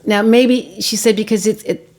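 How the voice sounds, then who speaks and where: Animated woman telling a story. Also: moderate pace. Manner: acts out quoted voices, shifting pitch and volume; drops to a hushed, quiet tone on grim topics. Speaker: guest, documentary filmmaker.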